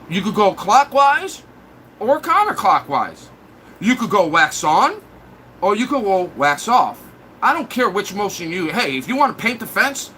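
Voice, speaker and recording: A man on a live stream, crude and blunt, trash-talking the viewers in his chat. His voice sits high and has a bright, cutting edge. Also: slight background noise.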